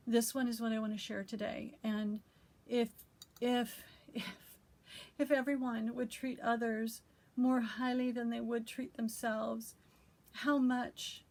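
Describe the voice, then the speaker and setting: A middle-aged woman who hosts a quilting vlog, speaking in a heartfelt, emotional and halting way and reading scripture aloud. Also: fairly high pitch, darkish tone. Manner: emotional, halting, with many restarts. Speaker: quilting vlogger. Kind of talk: heartfelt personal reflection.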